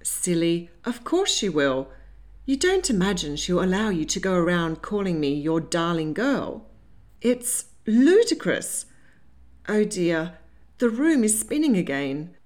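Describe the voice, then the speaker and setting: A woman's voice: fairly low pitch, sing-song, measured pace, a little mellow. A woman playing a flustered, tipsy young lady. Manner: flustered, indignant, a little giddy.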